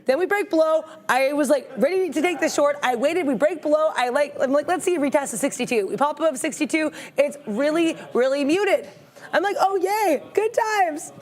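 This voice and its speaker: High-pitched lady co-host on a trading stream, playful, reads chat out loud. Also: fairly quick, hardly any pauses. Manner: chatty, playful, reads chat comments aloud. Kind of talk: live market commentary.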